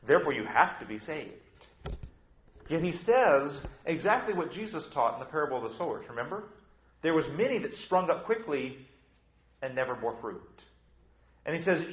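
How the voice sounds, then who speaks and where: A male pastor preaching with force, swinging from hushed lines to loud ones and repeating words as he restarts. His voice carries a roomy echo, and the sound is slightly dull. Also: fairly high pitch. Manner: emphatic preaching with sudden swings between loud and soft. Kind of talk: sermon.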